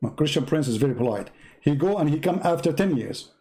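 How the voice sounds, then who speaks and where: A man's voice: a little high, lively intonation, a little fast, background noise. A man giving sarcastic commentary in broken English, mocking and teasing. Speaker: online religious debater.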